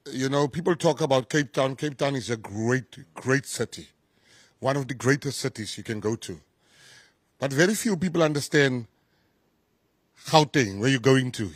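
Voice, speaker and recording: A man's voice: mid-range voice, dry recording, studio quality. A South African man, a government minister, giving an effusive, emphatic press conference speech full of repeated phrases.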